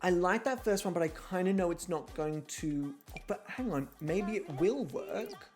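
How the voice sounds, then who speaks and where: A woman's voice: fairly low pitch, lively intonation, normal speed, a little mellow. A woman streaming live, chatting casually and thinking aloud as she weighs choices and answers her viewers. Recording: faint music underneath.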